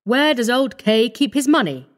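Woman voicing a calm, scheming young doctor. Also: a little high, moderate pace, voice pushed up, close to an everyday voice. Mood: pressing. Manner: calm, coaxing, firm. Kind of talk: storybook reading.

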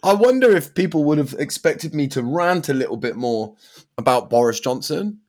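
A man's voice: on the high side, lively intonation, moderate pace, a little mellow. Chatty man, casual podcast talk. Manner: chatty, swears casually, British slang. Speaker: podcast co-host. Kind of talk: casual chat.

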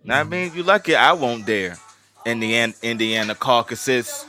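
A podcast co-host talking in a crude, brash, profane way in casual chat. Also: male voice, mid-range voice, animated, moderate pace, sharp tone, faint music behind.

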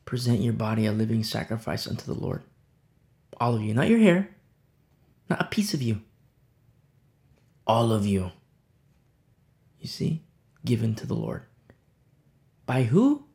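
A male pastor with a gravelly, creaky voice at a mid pitch. He preaches in a loose, conversational way and drives his points home by repeating them. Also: big pitch swings, measured pace, long pauses, darkish tone. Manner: conversational, repetitive emphasis. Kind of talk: sermon.

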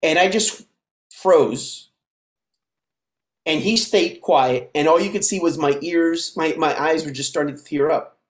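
Animated man telling stories in a roomy space. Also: fairly high pitch, a little slow. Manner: animated storyteller who acts out dialogue. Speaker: podcast guest. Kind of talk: casual storytelling interview. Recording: roomy echo.

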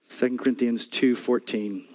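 An older man preaching a sermon as a pastor, passionate, moving between soft storytelling and loud repeated declarations. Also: medium pitch, steady tone, normal speed.

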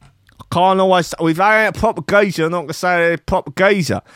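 A man's voice: sits high, fast, clean tone, no echo, studio quality, voice pushed up. A man doing a comedic impression of a boastful, swearing Cockney geezer with a Cockney accent. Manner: loud, crude, swaggering, lots of swearing.

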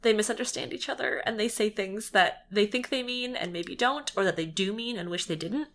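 A woman with a bright, sharp tone retells a scene in a relaxed, chatty way. Her voice sits at a middle pitch, and she laughs readily as she talks. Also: fairly quick, a little hiss or hum. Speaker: podcast co-host. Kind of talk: casual chat about a story.

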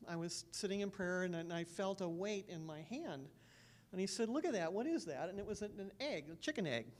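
Mulher contando testemunho com fervor. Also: female voice, fairly low pitch, lively intonation, fairly quick. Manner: earnest storytelling with soft laughs. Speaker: pastor. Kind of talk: personal testimony in a sermon.

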